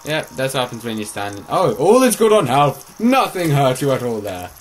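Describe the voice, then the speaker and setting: A man casually coaching a friend through a horror game, jumping between calm tips and sudden excited yelps. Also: medium pitch, moderate pace, background noise. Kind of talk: casual gaming chat.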